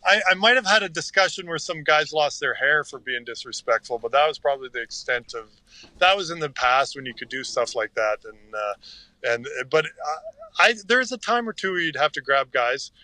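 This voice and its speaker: A man's voice: a little high, lively intonation, a little fast, sharp tone, no room sound. A middle-aged man, a former hockey player, telling earnest and rambling anecdotes as a podcast guest. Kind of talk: casual interview storytelling.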